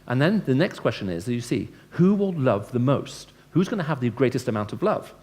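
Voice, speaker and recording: This Christian speaker has a mid-range, darkish voice with big pitch swings and a brisk pace. Addressing a live audience in an evangelistic lecture, he speaks conversationally, asks questions, and dramatizes dialogue by changing his tone.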